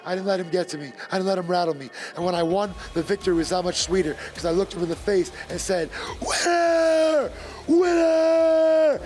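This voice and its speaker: A man's voice: high-pitched, steady tone, fast talker, hardly any pauses, darkish tone. A man, a bare knuckle fighter, talking emphatically in a post-fight interview and repeating his points. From Gloucester, Massachusetts.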